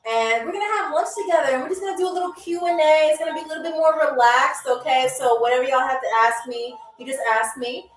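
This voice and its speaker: Upbeat high-voiced woman game host. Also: fast, few pauses. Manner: encouraging, chatty, keeps checking in with "okay?" and "all right?". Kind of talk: live-stream hosting, reading viewer comments. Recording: roomy sound from a distance with faint music.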